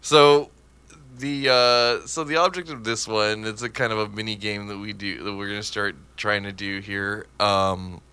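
A man's voice: fairly low pitch, steady tone, normal speed, sharp tone, clean tone. A man hosting a casual podcast chat, rambling and laughing often. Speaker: podcast host.

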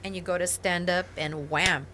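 A woman's voice: fairly low pitch, steady tone, moderate pace, sharp tone, slight background noise. A woman in her thirties in a casual chat, blunt and laughing often, swearing freely.

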